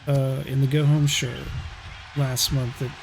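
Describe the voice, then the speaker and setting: Gravelly joking commentator guy. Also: mid-range voice, little pitch movement, a little slow, a little hiss or hum, low-quality recording. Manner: joking, crude banter. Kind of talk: casual gaming commentary.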